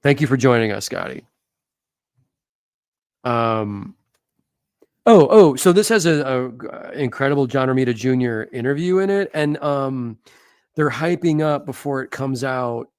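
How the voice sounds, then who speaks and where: A man's voice: mid-range voice, expressive, measured pace, long pauses, a little mellow, smooth, dry recording. A man who is a comic artist, hosting a casual, enthusiastic chat about comics, full of slang and casual swearing.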